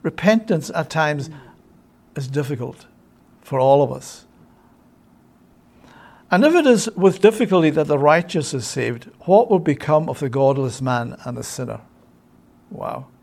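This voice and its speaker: A man preaching a sermon, emphatic and full of rhetorical questions, often checking in with his listeners with a quick "yeah?". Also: fairly high pitch, expressive, vocal fry, darkish tone.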